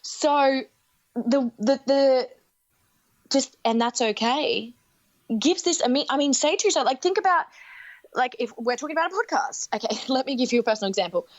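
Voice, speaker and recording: A woman hosting a podcast, talking enthusiastically in quick bursts and often interrupting herself. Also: high voice, expressive. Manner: enthusiastic, talks in rapid bursts with self-interruptions. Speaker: podcast host. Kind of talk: casual podcast conversation. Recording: dull, muffled podcast audio.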